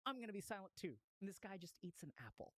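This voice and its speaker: A man, a psychiatrist, telling a story in a casual, animated way, with slang and swearing. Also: high voice, quick pace, no echo, low-quality recording.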